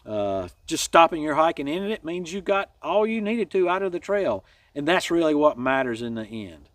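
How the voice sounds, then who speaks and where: A folksy man with a high voice hosts a casual trail update, rambling and joking at his own expense. The sound is dry and set back from a distant mic. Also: big pitch swings, normal speed, fairly bright tone, dry recording. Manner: folksy, rambling, self-deprecating jokes. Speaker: hiking channel host.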